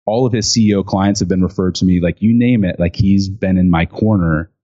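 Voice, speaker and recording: A low-pitched man tells a story in an interview, animated and chatty. He acts out what other people said, with plenty of fillers and restarts. The recording sounds dull and lo-fi. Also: brisk. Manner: animated storyteller acting out quotes with many fillers. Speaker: guest, speaker and author on gifting.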